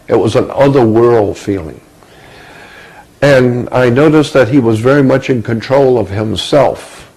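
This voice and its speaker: A man telling a personal story from his youth, halting and repeating words as he searches for them. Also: mid-range voice, a little mellow, breathy edge, rough recording.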